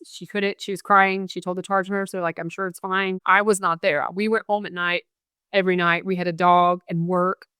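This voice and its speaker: A woman's voice: on the low side, fairly bright tone, clear, resonant tone, no echo, studio quality. A young adult woman, a guest on a podcast interview, earnestly recounting events and quoting what people said. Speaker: guest, bereaved mother.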